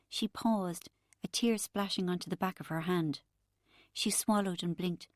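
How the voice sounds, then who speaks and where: A woman reads a first-person audiobook in a measured, intimate way. Her voice sits on the low side, and the close, dry recording carries no room sound. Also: a little mellow, dry recording. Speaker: audiobook narrator.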